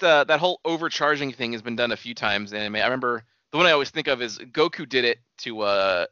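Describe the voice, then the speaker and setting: A young man co-hosting a podcast, talking in a relaxed, enthusiastic way with casual swearing. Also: medium pitch, no echo, highs cut off. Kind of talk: casual chat.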